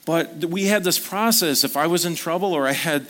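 A man's voice: a little high, brisk, a bit bright. A man preaching a sermon at a church service, speaking earnestly in a conversational storytelling manner. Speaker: pastor.

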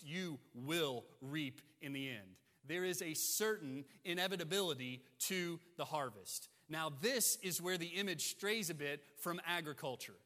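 A man's voice: on the high side, sharp tone. A man preaching a sermon as pastor, emphatic and repeating key phrases for emphasis. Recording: long hall reverb.

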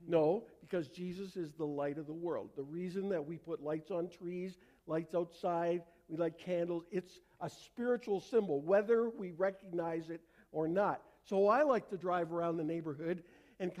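A man preaching a sermon in a conversational way, asking rhetorical questions and dropping to a quiet, slow voice for solemn passages. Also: high voice. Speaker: pastor.

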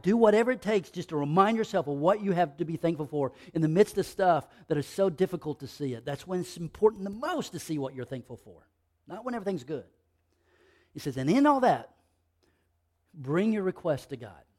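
A man preaching a sermon, moving between quiet, low passages and loud, emphatic bursts of repeated phrases. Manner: fervent, repetitive preaching. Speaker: pastor.

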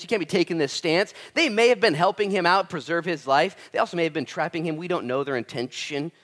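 A man preaching a sermon in a casual, conversational way, swinging between loud emphatic peaks and quiet, intense stretches. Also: mid-range voice. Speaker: pastor.

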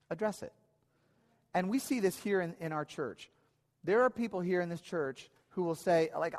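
Man preaching in a reverberant hall. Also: a little high. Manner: conversational, many restarts and repeated phrases. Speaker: pastor. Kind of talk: sermon. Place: church hall.

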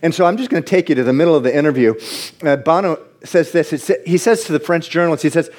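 A man preaching a sermon to a congregation, moving from hushed, slow passages to loud, excited bursts. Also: on the high side. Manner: animated preaching, jumps between hushed and loud. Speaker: pastor.

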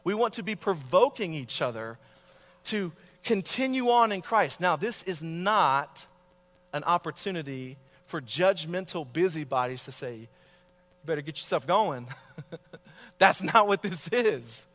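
Middle-aged guy preaching, kinda high voice, long echo like a church hall. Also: expressive, measured pace, fairly bright tone. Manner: storytelling, earnest and exhorting. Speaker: pastor. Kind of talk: sermon.

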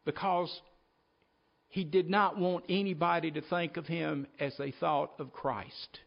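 A man preaching with earnest conviction, reading scripture aloud and turning to his listeners again and again. His voice sits a little high for a man. The recording is dull and lo-fi. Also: fairly even intonation, unhurried, gravelly. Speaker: pastor. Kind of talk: sermon.

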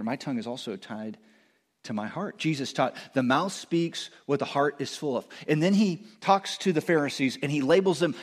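Animated, fairly high-voiced male preacher. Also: a little fast. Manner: animated preaching, rising loud on quoted lines, frequent restarts. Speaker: pastor. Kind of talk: sermon.

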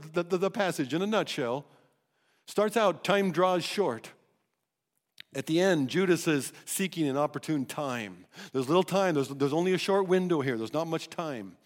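A man preaching a sermon as pastor, emphatic and animated, often restarting his phrases. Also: on the high side, in a large hall. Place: church sanctuary.

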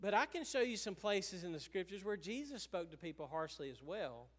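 Preaching a sermon in a sing-song, slightly fast manner, this pastor has a notably high, fairly bright voice and chuckles as he talks. He breaks into small acted-out quotes at times, while the church sanctuary gives his voice a long, ringing reverb.

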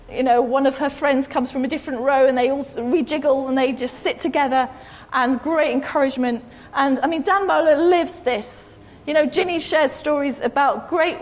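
A woman giving an informal, rambling, self-deprecating sermon in a church hall. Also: sits high. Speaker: preacher. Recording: echoey hall.

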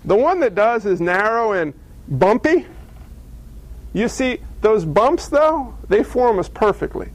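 High-voiced male pastor, easygoing sermon. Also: big pitch swings, takes it slowly. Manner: conversational and self-deprecating, with playful asides.

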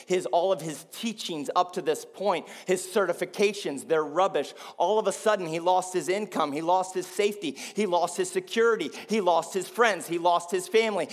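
A man preaching a sermon to a congregation, building from quiet reasoning to loud, fervent peaks and asking the people to repeat words after him. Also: mid-range voice. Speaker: pastor. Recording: long reverb of a large hall.

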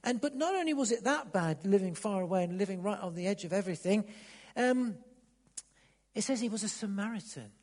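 A man preaching a sermon, dropping to near-whispers, then rising to loud emphatic bursts, often repeating words as he restarts. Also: high voice, expressive, brisk. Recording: long reverb of a large hall.

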